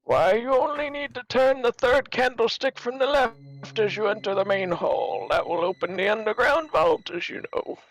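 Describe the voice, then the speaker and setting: A guilt-ridden old man mourns in a formal, quavering voice, as a man puts him on for a game stream. The voice sits high and has a gravelly edge. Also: normal speed, few pauses, rough recording. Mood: courteous. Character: guilt-ridden old male manor keeper.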